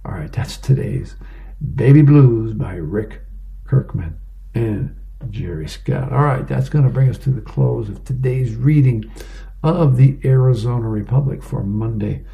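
A man, reading the newspaper and comics aloud as a volunteer on a radio reading service, plain and unhurried with small asides. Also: medium pitch, creaky, warm tone.

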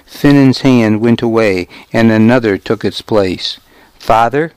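A man narrating an audiobook in the first person, dry and gruff. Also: lowish voice, a little slow, darkish tone, no room sound.

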